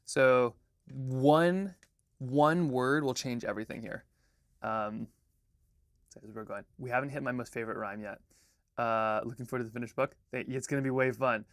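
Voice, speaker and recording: A man's voice: mid-range voice, fairly even intonation, moderate pace, no echo. A man talks loosely to his livestream viewers, wandering between thoughts and apologizing as he goes. His voice sits mid-range and is recorded close and dry, with no room sound around it. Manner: rambling, chatty, apologetic, full of fillers. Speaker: artist hosting a livestream. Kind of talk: casual livestream chat and read-through.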